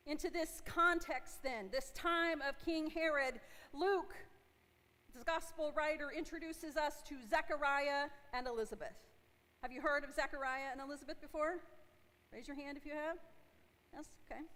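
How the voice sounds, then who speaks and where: A woman's voice: high-pitched, normal speed, fairly bright tone. A woman in her forties, a pastor giving a conversational sermon and asking her congregation questions. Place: church sanctuary. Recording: long hall reverb from a church.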